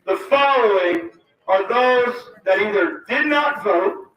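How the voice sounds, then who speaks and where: A man's voice: high-pitched, expressive, slow pace, dull audio. A man speaking to a rally crowd, reading a list of names aloud, apologizing for mispronouncing them and pressing his points with emphasis. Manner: emphatic, calls out lines. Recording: roomy, distant mic, loud crowd.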